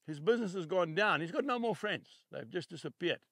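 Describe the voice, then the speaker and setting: An older man preaching a televised sermon, emphatic and repeating key phrases, swinging between soft and loud. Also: high voice, animated, a little fast, no echo, studio quality.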